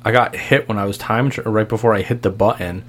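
A man's voice: on the low side, fairly even intonation, brisk, close to an everyday voice. A man voicing a brash adult female time traveler in an improvised tabletop game, talking bluntly and defensively. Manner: blunt, defensive, casual swearing. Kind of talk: improvised tabletop role-play.

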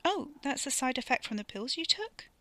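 A woman's voice: high voice, sing-song, normal speed, sharp tone, no echo, pitched above the performer's own voice, exaggerated voice. A woman playing a blunt, worried young woman. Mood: anxious. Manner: blunt, anxious questions.

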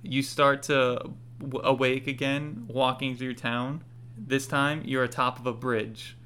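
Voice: mid-range voice, fairly even intonation, slow pace, fairly bright tone, slight background noise. A game master narrating a tabletop game casually and laughing often.

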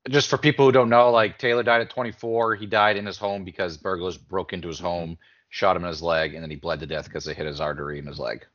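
A man's voice: sits low, little pitch movement, quick pace, a bit bright, no room sound, highs cut off. A man co-hosting a podcast, chatting in a laid-back way. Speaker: podcast co-host. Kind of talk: casual chat.

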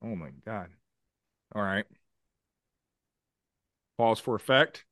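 A man with a fairly low voice talks in a casual podcast chat. He explains things eagerly and in detail and swears now and then. His voice sounds dry and close, with no room around it. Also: slow, a bit bright, no room sound. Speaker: podcast co-host.

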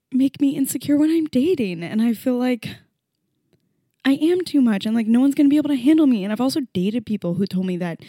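Young woman, podcast host, emotional rant, profane, mellow warm voice, dry close sound. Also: dry recording. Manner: emotional and profane, swinging between hushed and loud; mocking quotes in a low voice. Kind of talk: candid solo podcast rant.

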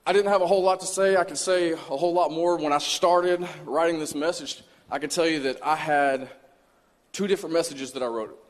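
A man's voice: a little high, fairly even intonation, fairly quick. A man preaching a mini sermon in a church, telling a personal story in an earnest, conversational way. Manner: conversational, earnest, acts out his own past words. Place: church sanctuary. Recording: long church hall reverb.

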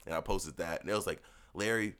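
A man's voice: sits low, very fast, a bit bright. A young man co-hosting a podcast in casual chat, rambling through stories, swearing freely and laughing at his own jokes. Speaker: podcast co-host.

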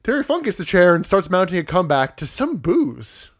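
A man's voice: high voice, sing-song, a little fast. A man co-hosting a casual podcast, recapping wrestling matches play by play with wry asides. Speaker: podcast co-host.

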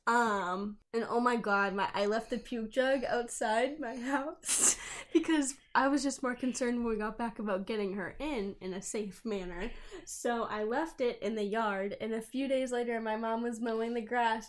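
A woman's voice: on the high side, normal speed. A woman in her twenties co-hosting a podcast, telling stories bluntly with lots of swearing. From England. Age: 20s. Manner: blunt and profane, animated storytelling. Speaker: podcast co-host. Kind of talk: casual chat.

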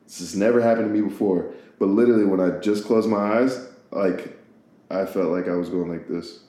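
A man hosting a casual solo podcast, rambling and playful and full of fillers. His voice is low and mellow. The room is very echoey. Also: fairly quick. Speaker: podcast host.

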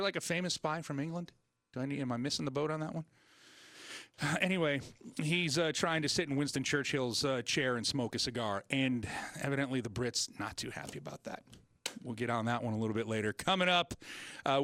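A man filling in as host on a sports talk radio show, joking and rambling with quick asides. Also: mid-range voice, fairly bright tone, no room sound, studio quality.

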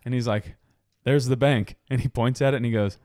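A podcast co-host tells anecdotes in casual chat, often laughing and impersonating the people involved. His mid-range voice is a little mellow and steady in tone, moving fairly quickly, with clean studio sound and no echo.

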